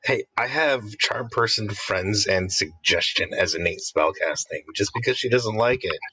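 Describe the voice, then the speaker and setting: A man's voice: on the low side, moderate pace, bright, forceful tone, slightly rough, rough recording. A man playing a tabletop role-playing game, talking in a jokey, playful way. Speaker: player. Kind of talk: casual game talk.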